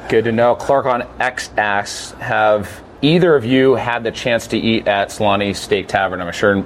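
A man's voice: on the low side, moderate pace, slight background noise. A young man hosting a casual sports podcast, chatty and upbeat as he asks the players questions. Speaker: podcast host.

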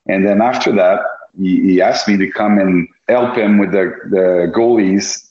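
A man with a very low voice recounts his hockey days in a relaxed, meandering way, often restarting his sentences. The recording is echoey and slightly dull. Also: measured pace. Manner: casual, rambling with many restarts. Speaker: former pro hockey goalie. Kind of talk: interview recollection. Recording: echoey room, dull lo-fi sound.

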